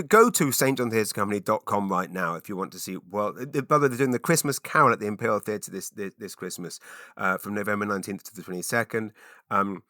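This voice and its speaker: A man's voice: on the low side, pushed and bright, no room sound, studio quality. A man hosting his own podcast, talking alone in an enthusiastic, rambling way with lots of fillers and restarts. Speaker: podcast host. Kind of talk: casual solo podcast monologue.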